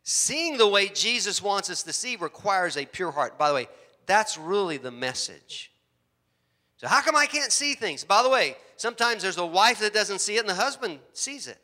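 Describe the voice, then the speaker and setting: Middle-aged male preacher, bright and animated, echoing church hall. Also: normal speed. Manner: animated storytelling, acts out voices with big pitch jumps. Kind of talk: sermon. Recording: long hall reverb.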